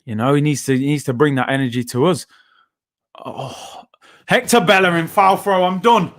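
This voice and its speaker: A man, hosting a live football watchalong with frustrated, animated outbursts at the play. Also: high-pitched, moderate pace. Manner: frustrated, animated fan reactions, loud outbursts. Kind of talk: live match watchalong reaction.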